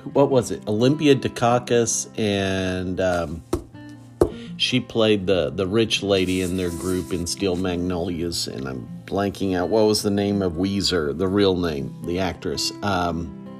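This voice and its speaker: A middle-aged man, hosting a casual solo podcast in a relaxed, rambling way with many fillers. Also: sits low. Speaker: podcast host.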